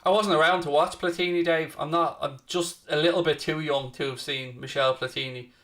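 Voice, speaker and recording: On a live stream, a young host runs a football watchalong, talking casually, commenting, and naming viewers as he responds. His voice is on the high side, steady, fairly quick, and a bit bright.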